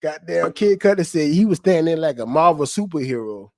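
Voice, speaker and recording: A man streaming to his chat, reading court testimony in a flat voice and then breaking into slangy, profane, laughing commentary. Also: fairly high pitch, a little fast, no room sound, clean studio sound. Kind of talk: casual livestream commentary.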